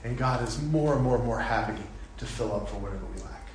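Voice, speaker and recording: A man's voice: mid-range voice, fast talker. A middle-aged male pastor preaching a sermon in a church sanctuary, earnest and conversational, encouraging the listeners. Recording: very echoey sanctuary.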